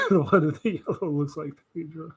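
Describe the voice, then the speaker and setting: A man riffing through casual reaction commentary with a voice pitched a little high. He thinks out loud, wanders off track and corrects himself as he goes. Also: normal speed, breathy edge. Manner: rambling, thinking aloud, self-correcting. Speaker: reaction video host.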